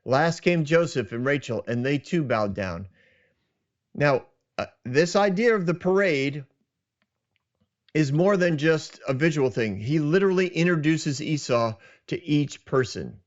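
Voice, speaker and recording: A man's voice: on the high side, animated, a little slow, highs cut off. A man hosting a podcast, casually retelling a scripture story in a conversational, self-deprecating way. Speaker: podcast host.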